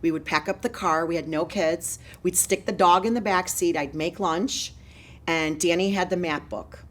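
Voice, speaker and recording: A woman in her forties, a real estate broker, telling her story in an energetic, fast-moving interview style. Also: lowish voice.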